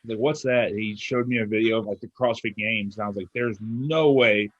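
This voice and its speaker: A man's voice: fairly low pitch, quick pace, dry recording, muffled recording. A young man in his twenties, a fitness coach, telling a story in casual chat and acting out what people said. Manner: animated storyteller acting out quotes.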